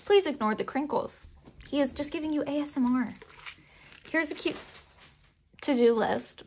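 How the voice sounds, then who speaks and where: A woman's voice: high voice, moderate pace, a little mellow, a little hiss or hum. A woman chatting casually as she unboxes merchandise, chatty and self-deprecating with giggly asides. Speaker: unboxing vlogger.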